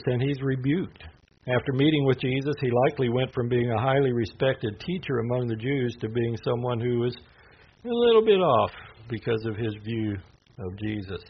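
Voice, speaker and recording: A man's voice: medium pitch, vocal fry. A man teaching through a Bible passage in a conversational way, reading scripture aloud and adding asides. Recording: dull lo-fi sound with faint noise.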